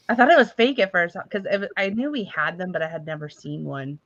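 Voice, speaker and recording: A woman's voice: fairly low pitch, animated, moderate pace, fairly bright tone. A woman who co-hosts live streams, chatting casually and rambling with lots of "like". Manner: rambling, fills with "like". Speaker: fellow livestream host. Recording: muffled lo-fi mic.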